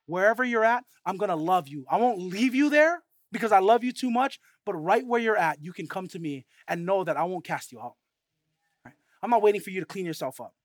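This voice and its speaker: A man in his thirties preaching a sermon as pastor, conversational and animated, telling stories with frequent asides. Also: high-pitched, dry recording, clean studio sound.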